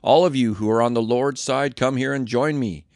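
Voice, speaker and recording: A man's voice: medium pitch, moderate pace, vocal fry, no echo, studio quality, close to an everyday voice. A man voicing Moses in a Bible reading, impassioned, urgent and pleading. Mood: commanding. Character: Moses, older male prophet, earnest and pleading.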